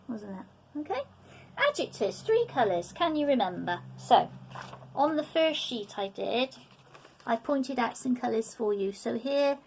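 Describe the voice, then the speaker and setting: Woman, middle-aged, language teacher, higher voice, gravelly, patient, keeps saying okay. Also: a little mellow, slight background noise. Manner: patient, repeats words slowly, checks in with "okay?". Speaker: French teacher. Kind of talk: beginner language lesson. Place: room, sitting at a table.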